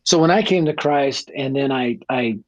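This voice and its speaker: A man's voice: medium pitch, moderate pace, dry recording, rough recording. A man from Denver, a guest evangelist, telling his life story in a radio interview with blunt, earnest directness, acting out family dialogue. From Denver, Colorado.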